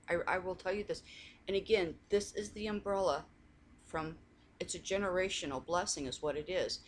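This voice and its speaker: Over a relaxed coffee chat, a woman who vlogs about faith meanders through family tales, often starting over and laughing now and then. She speaks with a fairly low pitch and a fairly bright tone.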